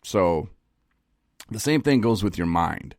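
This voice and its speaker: A man in a casual live-stream monologue, halting and repeating words, laughing at himself, and getting choked up. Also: fairly low pitch, animated, dry recording, studio quality. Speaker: recovery vlogger. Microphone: phone.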